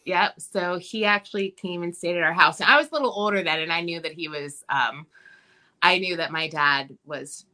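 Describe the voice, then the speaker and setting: Brief: woman interview guest, bright forceful tone, lowish voice, casual and chatty. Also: normal speed. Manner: chatty, many ums, animated when quoting.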